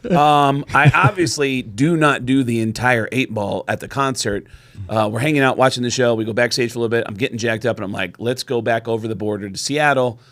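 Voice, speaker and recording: With a medium-pitched voice moving a little fast, a middle-aged man shares casual stories while co-hosting a podcast. He brings the quoted people to life by animatedly acting out their voices.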